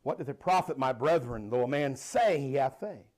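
A middle-aged male pastor preaching a sermon, animated and laughing now and then as he reads and explains scripture. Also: medium pitch, normal speed.

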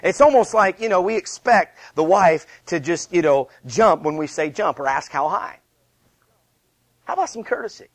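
A man in his thirties delivers a lively, conversational sermon in a fairly high voice. He keeps coming back to short rhetorical questions, with a self-deprecating aside now and then. The sound is dry and close, with no room echo. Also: a little fast. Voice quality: emphatic, repeats rhetorical questions. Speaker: pastor.

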